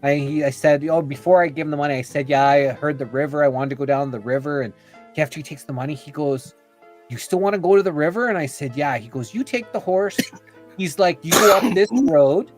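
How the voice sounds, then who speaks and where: Guesting on a podcast, this man tells an extended personal tale in a meandering, conversational style, full of "you know" and "like," and he performs the dialogue of the people involved. He talks briskly in a slightly high voice, with faint music behind him.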